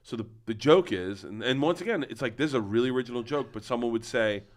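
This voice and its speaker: A man's voice: mid-range voice, animated, fast. A man chatting casually as a comedian guest, telling rambling stories with lots of restarts and quoted asides. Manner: rambling storyteller, frequent restarts and acted-out quotes. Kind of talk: casual chat.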